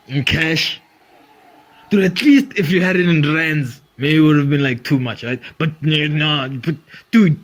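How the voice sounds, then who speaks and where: A man hosting a comedy podcast, riffing animatedly, swearing freely and laughing often. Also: fairly high pitch. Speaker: podcast host. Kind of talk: comedic monologue.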